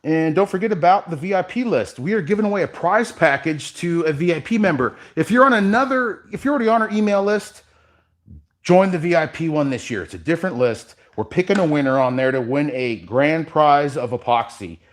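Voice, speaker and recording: A man leads a live epoxy workshop demo, chatting casually with his viewers. His pitch swings widely, rising high when he greets the chat and sinking low and quiet as he concentrates on the work. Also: lively intonation, brisk. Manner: casual, chatty, addresses viewers directly, drifts quiet while working. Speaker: epoxy artist and workshop host.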